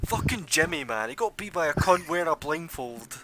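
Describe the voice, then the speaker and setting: An outraged male spectator at a tavern brawl, put on by a game master, cursing loudly after losing a bet. His voice jumps high as he yells. It is bright and harsh. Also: expressive, a little fast, slight background noise. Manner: shouting, cursing.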